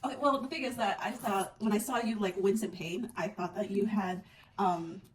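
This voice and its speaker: A woman cuts in with blunt, teasing comments in a relaxed chat. She sits away from the microphone, and steady noise runs under her voice. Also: mid-range voice, normal speed. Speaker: storyteller's sister. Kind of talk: casual chat. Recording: distant mic with background noise.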